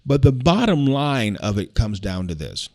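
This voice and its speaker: A man's voice: mid-range voice, very animated, normal speed, a little mellow. A man, hosting a podcast and telling a personal story in an earnest, preacherly way. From Alabama, USA. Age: 60s. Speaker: podcast host. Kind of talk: casual storytelling chat.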